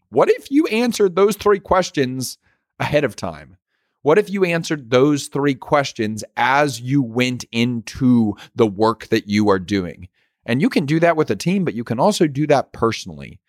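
A man delivering a motivational leadership talk in an emphatic voice, leaning on rhetorical questions to drive his points. His voice sits at an ordinary middle pitch. The sound is dry and close, with no room echo. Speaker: leadership speaker.

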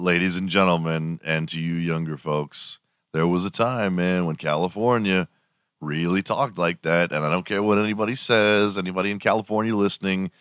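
A man's voice: sits low, moderate pace, fairly bright tone, smooth, no echo, clean studio sound. A man in his fifties hosting a casual solo podcast, rambling and swearing as he jokes and slips into silly impressions. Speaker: podcast host.

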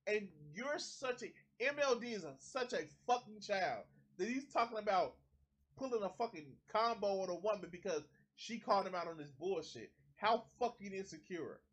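A man tears into a clip in angry reaction commentary, swearing freely and mocking what he heard. His voice sits high and bright. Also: animated, moderate pace. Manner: profane, heated ranting with mocking impressions. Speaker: commentary streamer.

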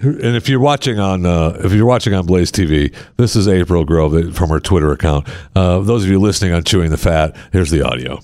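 A man's voice: deep voice, brisk, few pauses, a little mellow. A man hosting a talk podcast, rambling and sarcastic as he banters with his co-host. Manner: sarcastic, rambling, mock-pleading. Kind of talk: casual talk show banter.

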